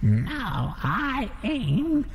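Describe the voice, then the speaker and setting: A man's voice: sits high, huge pitch swings, drawn-out words, long reverb tail, pitched above the performer's own voice, exaggerated voice. A man voicing a nasty, menacing old female witch with a folksy, drawling manner.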